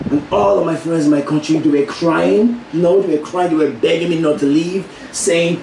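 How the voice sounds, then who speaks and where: A man's voice: on the high side, normal speed, creaky, few pauses. A young man from Nigeria doing a stand-up comedy set, playful and teasing, acting out the voices of people he quotes. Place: comedy club stage before a laughing crowd. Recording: roomy club sound from far off with crowd and noise.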